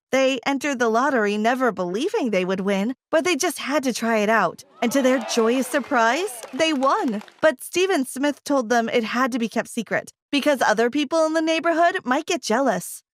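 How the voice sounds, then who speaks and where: A woman narrating a scripted first-person animated story in an expressive, dramatic way. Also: on the high side, no room sound.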